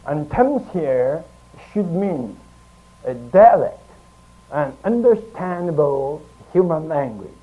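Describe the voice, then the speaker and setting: A man preaching in a high, very lively voice that rises and falls sharply as he presses each point. He speaks slowly and deliberately, pausing between phrases. The sound is thin and tinny, like an old phone line. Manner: slow, emphatic teaching with long pauses. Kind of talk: archival sermon. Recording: tinny phone-like archive recording.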